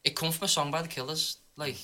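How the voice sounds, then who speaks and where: Bright-voiced young man chatting. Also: fairly high pitch, fairly even intonation, fast talker. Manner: rambling, loose storytelling with fillers. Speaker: guest singer. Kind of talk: casual podcast chat.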